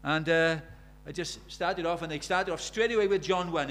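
High-voiced preacher, emphatic. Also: male voice, normal speed, a bit bright. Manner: emphatic, rhetorical questions, storytelling. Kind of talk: sermon.

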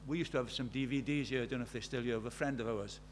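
A man's voice: medium pitch, racing, slight background noise. A man preaching a sermon in an earnest way, telling stories and asking his listeners many questions.

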